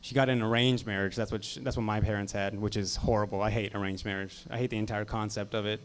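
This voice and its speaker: A man's voice: on the low side, little pitch movement, quick pace. A man in his twenties doing a stand-up set on a comedy club stage, with a dry, self-deprecating delivery into a handheld mic. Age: 20s.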